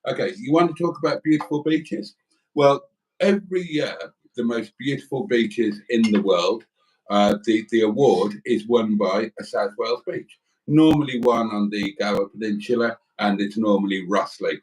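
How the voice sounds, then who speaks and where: A man's voice: on the low side, normal speed, darkish tone. A man co-hosting a live stream, his voice picked up from a distance and sounding set back from the mic. He gets enthusiastic and mock-grand when he talks something up. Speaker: livestream co-host. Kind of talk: casual live-stream chat.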